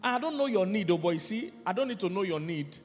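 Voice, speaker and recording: A pastor preaching in a large church, his voice sitting a little high and rising and falling with lively sweeps. He drives his points with sudden loud decrees, then drops to near-hushed lines. Long reverb hangs in the hall, and faint music plays underneath. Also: a little fast. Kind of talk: sermon.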